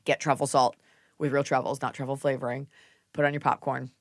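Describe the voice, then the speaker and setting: A woman podcast host in casual chat, telling animated stories, acting out quotes and swearing freely. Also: a bass voice, quick pace, dry recording, clean studio sound.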